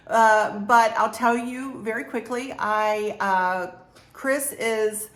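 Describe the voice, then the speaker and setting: Slightly hoarse woman chatting, roomy echo. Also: medium pitch. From Maryland, US. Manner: rambling, warm storyteller addressing viewers as y'all. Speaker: craft vlogger. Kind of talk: casual storytelling chat.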